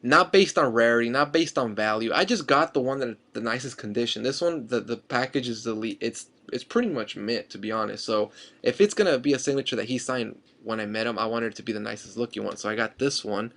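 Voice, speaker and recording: A young fan vlogger eagerly rambles through a fan story for his vlog, tripping over restarts and fillers. He talks quickly in a mid-range, slightly bright voice with a gravelly edge.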